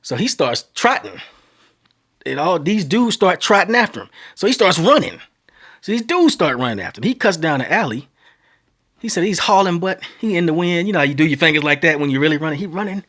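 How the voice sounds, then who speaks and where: A man in his thirties from Texas, hosting a podcast and telling a long story in a casual, animated way, his voice climbing as the tale gets exciting. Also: a little high, fairly quick. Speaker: podcast host.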